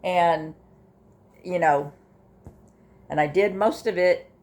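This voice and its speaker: Slow, low-voiced older woman. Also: darkish tone. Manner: halting, many fillers and restarts; emotional, close to tears at times. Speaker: vlogger sharing her grief journey. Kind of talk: casual personal vlog.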